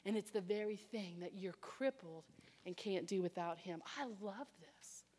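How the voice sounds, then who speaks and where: A woman preaching a sermon, telling her own story with animated delivery and acting out other people's voices. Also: lowish voice, normal speed. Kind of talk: sermon with personal testimony. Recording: long reverb of a large hall.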